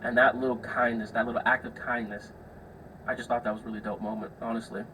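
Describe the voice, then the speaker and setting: A young man hosts his own podcast, spinning casual stories and acting out the people in them, with the odd curse word. His voice sits at an everyday middle pitch. It sounds a little distant from the mic over a faint background hiss. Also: little pitch movement, fast talker. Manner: chatty, swears freely, acts out the people in his stories. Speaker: podcast host. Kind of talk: casual solo storytelling.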